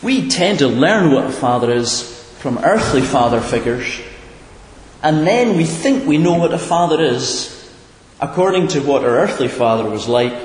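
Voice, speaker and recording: A man preaching in an earnest, questioning way, often repeating a word as he searches for the next. His voice carries through a large hall with a long, reverberant tail. The recording is roomy and distant. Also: a little high. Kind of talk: sermon. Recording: echoey hall, far from the mic.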